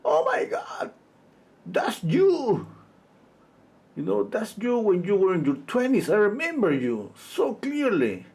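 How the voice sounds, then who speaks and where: A man voicing a woman friend in his story, in a high squealing falsetto, full of surprise. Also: huge pitch swings, slow, gravelly, a little mellow, heavily acted. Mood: astonished. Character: excited young woman friend, shrieking with surprise.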